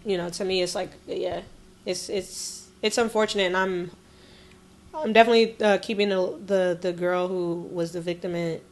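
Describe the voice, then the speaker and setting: Woman, podcast co-host, casual chat, gravelly fry, reflective, hesitant, trailing off. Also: on the low side, steady tone, normal speed, a little hiss or hum.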